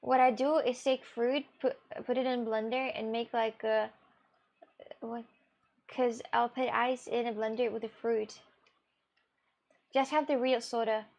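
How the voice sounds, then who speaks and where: A woman's voice: fairly high pitch, little pitch movement, a little slow, pauses often, a little mellow. A young woman streamer from Russia, chatting casually with viewers in a rambling way, with gasps and restarts. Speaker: live streamer.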